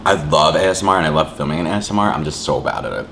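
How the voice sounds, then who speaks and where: Speaking very fast and animatedly in a very deep voice with vocal fry, this man chats casually to viewers while he eats, against a noisy background. The mukbang vlogger rambles, says "like" often, and hums and chews between lines.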